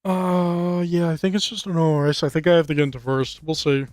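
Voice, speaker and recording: A man giving casual, profane commentary over a racing game, rambling and ranting with animated outbursts. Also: a little high, fairly quick. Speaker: gaming commentator. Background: game music and car engines.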